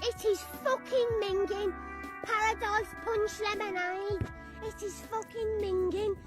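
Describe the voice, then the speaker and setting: A woman playing a silly, high-pitched character in a clip, speaking slowly with exaggerated delivery over loud music. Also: steady tone. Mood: disgusted.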